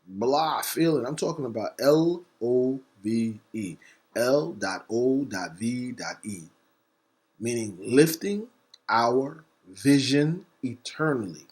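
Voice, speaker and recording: Man, fiery preacher-like monologue, rapid bursts and slow stressed words, spells words out. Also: mid-range voice. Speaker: host. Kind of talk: impassioned monologue.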